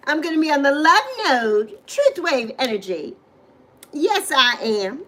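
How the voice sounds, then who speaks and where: A middle-aged woman from the Virgin Islands hosts a casual livestream in a high, light voice. She chats and rambles, wanders off track, and greets viewers by name. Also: sing-song, measured pace, pushed and bright, a little hiss or hum, low-quality recording. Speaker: livestream host.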